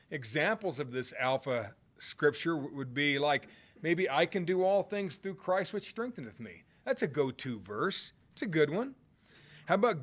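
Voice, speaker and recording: A man's voice: fairly high pitch, a bit bright, breathy edge. A man delivers a sermon in a slightly raised voice, earnest and quoting scripture. He builds to emphatic swells when he presses a point. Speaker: preacher.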